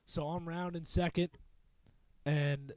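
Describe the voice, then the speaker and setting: A man's voice: a little high, steady tone, slow, a little mellow, no room sound. A young man hosting a podcast, telling a long rambling story in a casual, profane, self-mocking way. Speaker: podcast host.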